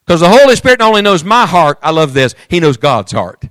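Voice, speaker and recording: Male preacher, slightly higher voice, dry close recording; builds to emphatic peaks, then falls to near-whispered asides. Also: big pitch swings, a little fast, no room sound. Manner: swings between loud emphatic declarations and hushed intimate storytelling; reads scripture aloud in King James wording. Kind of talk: sermon.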